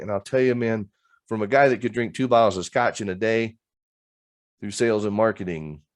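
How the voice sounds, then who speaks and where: A middle-aged man giving an earnest personal testimony as a recovery coach, talking from a home office over a video call. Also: fairly low pitch. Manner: earnest, storytelling with frequent "right?". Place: home office with green screen.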